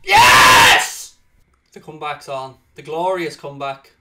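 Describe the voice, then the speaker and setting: A man giving let's-play commentary on a football game, swearing freely and swinging between low muttering and loud outbursts. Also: fairly quick, over a noisy crowd, heavy background noise. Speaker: gaming channel host.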